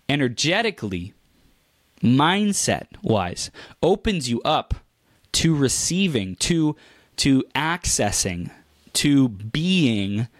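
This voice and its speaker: A man giving a motivational talk, upbeat and repetitive, often stumbling over and repeating words, laughing at his own jokes. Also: dry recording. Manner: acts out quoted reactions in a higher voice. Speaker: motivational speaker. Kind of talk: motivational monologue to camera.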